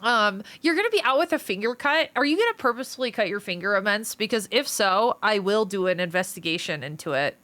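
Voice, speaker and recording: A woman's voice: mid-range voice, lively intonation, fast, hardly any pauses, a bit bright. A woman livestreaming and chatting casually with her viewers, playful and teasing as she jokes around. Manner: playful, teasing, joking with chat. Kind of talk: casual live-stream chat.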